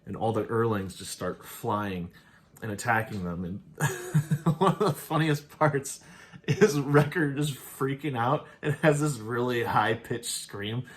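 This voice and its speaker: A man with a mid-range voice takes an unhurried approach to reviewing an episode as a show host. The recap is casual and rambling, full of laughter and offhand paraphrases of the characters.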